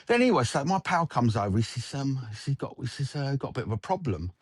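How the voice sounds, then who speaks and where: A man's voice: medium pitch, big pitch swings, quick pace, husky. This is a middle-aged man who tells stories casually and swears freely. He slips into the voices of the people in his tale. His voice sounds dry and close, with no room echo. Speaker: podcast guest. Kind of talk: casual anecdote telling.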